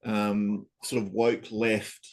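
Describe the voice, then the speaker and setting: A man's voice: fairly low pitch, little pitch movement, slow pace, darkish tone. A man talking politics in a loose, rambling podcast chat, full of restarts and fillers.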